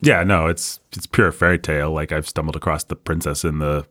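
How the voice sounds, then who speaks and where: Deep-voiced man chatting about films. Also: fairly quick, no room sound, studio quality. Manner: animated storyteller, slips into voices. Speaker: podcast co-host. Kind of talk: casual film discussion.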